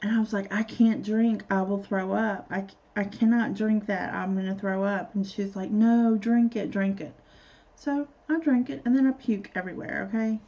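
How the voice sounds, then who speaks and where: Gravelly woman telling a candid story. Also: medium pitch, normal speed, few pauses, a little mellow. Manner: candid, profane, rambling. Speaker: vlogger. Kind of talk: casual storytelling vlog. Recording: dull lo-fi recording.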